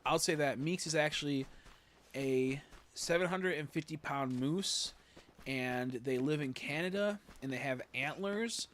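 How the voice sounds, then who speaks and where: A young man casually chatting on a game livestream, rambling and joking, jumping from loud bursts to low mutters. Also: measured pace, a little hiss or hum. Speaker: streamer. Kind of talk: casual livestream chat while gaming.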